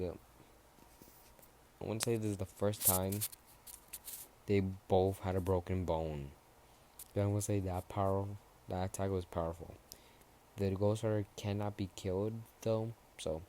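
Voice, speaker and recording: Deep-voiced man rambling through a fan story. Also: fairly even intonation, measured pace, long pauses, mellow, slight background noise. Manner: rambling, offhand, frequent fillers. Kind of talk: casual fan-fiction narration.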